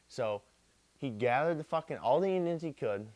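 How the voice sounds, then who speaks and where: A man's voice: medium pitch, lively intonation, moderate pace, darkish tone. A young man retelling history drunk, rambling and repeating himself, swearing constantly and using street slang. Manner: profane, repetitive, street slang. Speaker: drunk storyteller.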